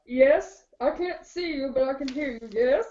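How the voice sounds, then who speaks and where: A sweet, pampered little girl dog, as a woman puts her on, chirping in a high, cutesy, giggly voice that adores her mommy. The sound is muffled and lo-fi, like an online call. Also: moderate pace, warm tone, natural voice. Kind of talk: playful pet role-play on a chat show.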